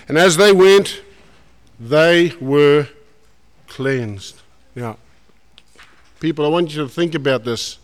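A man preaching a sermon, folksy and animated, putting questions to the congregation. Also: on the high side, takes it slowly, pauses often. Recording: long hall reverb.

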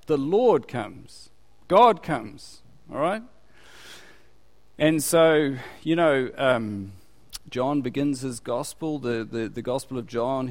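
A man preaching a sermon, asking his listeners questions and rising in volume when he quotes scripture. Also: mid-range voice. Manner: unhurried, rising loud on scripture quotes, asks the audience questions. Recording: long hall reverb.

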